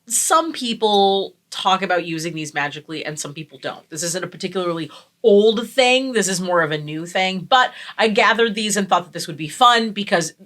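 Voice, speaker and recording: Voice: mid-range voice, lively intonation, normal speed, a bit bright. Playful podcast co-host explaining moon lore. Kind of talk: casual chat.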